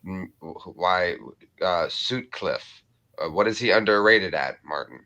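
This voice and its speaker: A man's voice: low voice, lively intonation, a little slow, sharp tone, highs cut off. A man hosting a live stream, upbeat and jokey, greeting viewers and reading out their messages. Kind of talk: casual live-stream chat.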